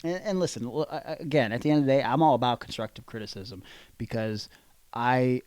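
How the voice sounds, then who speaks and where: A man's voice: medium pitch, brisk, darkish tone, no room sound. A man co-hosting a wrestling podcast, talking bluntly and profanely with plenty of fillers. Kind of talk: casual chat.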